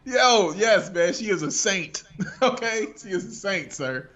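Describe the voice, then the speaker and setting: A man with a slightly raised pitch chats as a podcast guest. He talks in easy, slangy bursts and laughs a lot while hyping up the other speaker. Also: expressive, measured pace, a bit bright, muffled recording. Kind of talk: casual chat.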